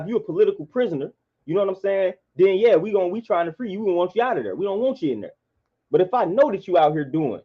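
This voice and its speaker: A man, delivering an impassioned monologue in a preachy, repetitive, emphatic way. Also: sits high. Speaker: vlogger. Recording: dull lo-fi sound.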